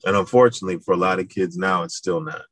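Man, middle-aged, from Madison Wisconsin, deep voice, dry sound, casual storytelling guest. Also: fast talker, no room sound. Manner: animated, acts out voices in his stories, laughs. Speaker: guest, school founder.

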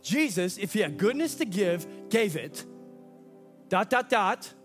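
A man's voice: high voice, sing-song, unhurried, fairly bright tone, soft background music. A man preaching a sermon as pastor, emphatic, with lots of repetition and acted-out quotes.

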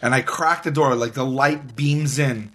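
Husky-voiced man telling a story. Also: medium pitch, unhurried. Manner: animated storyteller, acts out quoted dialogue. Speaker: podcast co-host. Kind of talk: casual storytelling chat.

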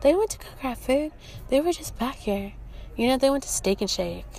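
A woman in her twenties hosting a podcast, telling stories in casual, profane, animated chat with quoted back-and-forth. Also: sits high, moderate pace, creaky, slight background noise. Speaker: podcast host.

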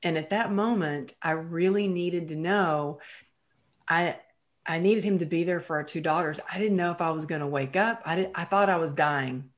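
Low-voiced woman telling her story. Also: normal speed. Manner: candid, vivid retelling with frequent "you know" and "um". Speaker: podcast guest. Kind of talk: personal storytelling in an interview.

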